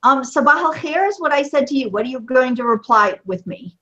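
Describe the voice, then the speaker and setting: A woman's voice: high voice, animated, pushed and bright. Patient woman teaching Arabic, muffled audio. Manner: patient, encouraging, repeats phrases slowly. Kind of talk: teaching a beginner language lesson.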